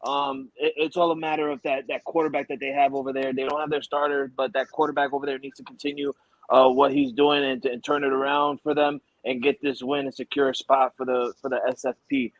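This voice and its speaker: A man co-hosting a sports prediction show, talking in an excitable, rambling way and laughing easily. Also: medium pitch, fairly quick, dry recording, muffled recording. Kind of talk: animated casual sports banter.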